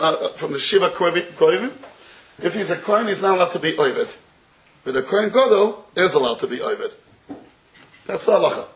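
A man, his voice sitting fairly high for a man, lectures on Talmud to a room of listeners. He keeps chuckling as he argues and slows right down to lay out each quoted phrase. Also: fairly bright tone, a little hiss or hum, low-quality recording. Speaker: Torah teacher. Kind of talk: Talmudic lecture to a live audience.

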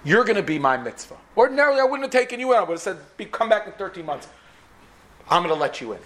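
A man voicing a sixty-five-year-old male doctor who talks in a raised, excited way. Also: sits high, fast, pitched above the performer's own voice. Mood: emphatic.

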